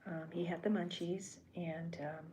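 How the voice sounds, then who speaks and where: A woman cartoonist in soft-spoken ASMR commentary, talking hesitantly with many restarts as she describes her comic panels. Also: on the low side, steady tone, a little slow, background noise.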